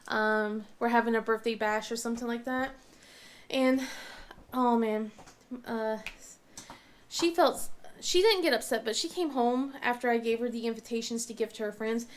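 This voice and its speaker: A woman's voice: a little high, fairly even intonation, normal speed. A woman in her thirties chatting casually while she crafts, rambling with many restarts and sore-mouthed. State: mouth in pain. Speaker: vlogger and crafter.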